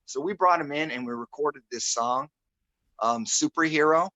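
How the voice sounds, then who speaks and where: Over a video call, a male guest musician tells a story in a loose, rambling way, pausing and using fillers as he hunts for words. His voice is fairly high, bright and forceful, with no room sound, and the recording quality is low.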